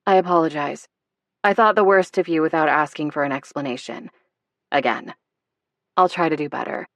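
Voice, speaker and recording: A woman narrator voicing a soft-spoken, sincere grown woman with a low, sweet voice in an audiobook. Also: normal speed, no room sound. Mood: gentle.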